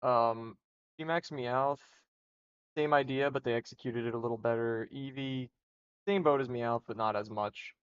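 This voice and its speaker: A man's voice: medium pitch, steady tone, normal speed, smooth. A young man streaming live, talking casually and rambling through rankings with restarts and swearing. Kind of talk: casual livestream commentary. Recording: dull lo-fi stream audio.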